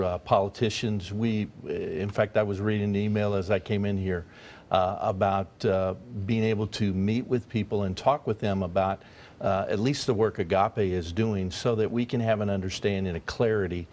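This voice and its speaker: Man, mission charity head, low voice, earnest, halting. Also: darkish tone, slight background noise. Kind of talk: TV panel discussion.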